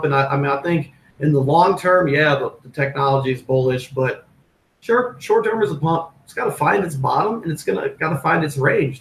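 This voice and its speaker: A man with a slightly high voice hosts a live stream in a loose, rambling way, full of fillers and restarts. The sound is roomy, with noticeable echo around him. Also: creaky, fairly bright tone. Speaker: host of a crypto live stream. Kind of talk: casual live-stream talk.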